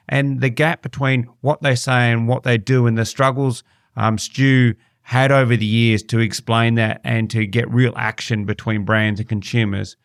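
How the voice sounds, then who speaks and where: A man's voice: medium pitch, no room sound, clean studio sound. An Australian man hosting a farming podcast, laid-back and matey, chatting with a remote guest. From Western Australia. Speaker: podcast host. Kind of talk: casual podcast interview.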